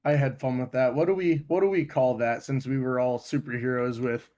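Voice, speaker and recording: A man's voice: mid-range voice, steady tone, a little fast, a little mellow. A young man with a mid-range voice cracks jokes and keeps the conversation moving. He sounds loose and casual, like he's hanging out with friends. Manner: joking, steers the conversation. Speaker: podcast co-host. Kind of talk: casual banter.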